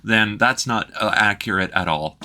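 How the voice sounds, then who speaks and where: Lower-voiced man from Canada explaining. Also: normal speed, pushed and bright, a little hiss or hum. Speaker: reaction video host. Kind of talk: casual explanatory commentary.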